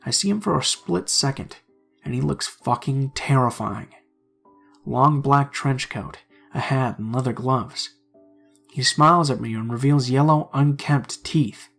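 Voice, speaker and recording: A man reading true horror stories aloud in a hushed, suspenseful narrating voice. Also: medium pitch, measured pace, creaky, soft background music.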